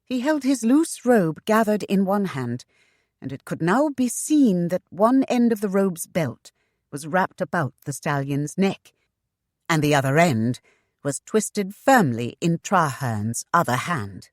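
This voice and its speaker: Audiobook narrator: woman, low-pitched, very slow, dry close recording. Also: very animated, dry recording. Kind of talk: scripted narration.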